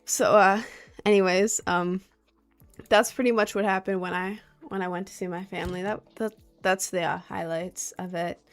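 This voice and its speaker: A young woman from the United States who streams live, chatting casually and reading out viewer comments. She rambles through stories with lots of fillers and sudden lively outbursts. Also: on the low side, normal speed, faint music behind. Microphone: desk mic, sometimes leaning close.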